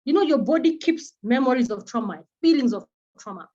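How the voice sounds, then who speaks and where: A Kenyan woman psychotherapist, a native Kimeru speaker, giving an animated and earnest talk built around personal stories. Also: high-pitched, a little fast, muffled recording. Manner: animated, acts out quoted voices, earnest.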